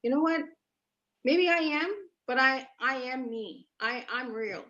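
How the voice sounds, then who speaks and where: A woman's voice: high-pitched, a little slow, fairly bright tone. A woman from Canada, a podcast guest, telling her personal story in an earnest, emphatic way and repeating herself for stress over a remote call. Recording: dull lo-fi remote audio.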